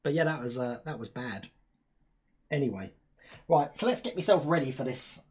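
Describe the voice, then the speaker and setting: Husky, chatty man on a live stream. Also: mid-range voice, animated, normal speed, a little mellow. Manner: chatty, laughing often, reads viewer comments aloud. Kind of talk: casual live-stream chat.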